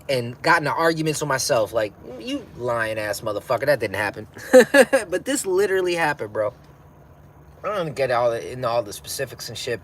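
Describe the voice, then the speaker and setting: Man in his thirties, mid-pitched, casual rambling livestream host, slangy and profane, faint noise behind. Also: a bit bright, rough recording.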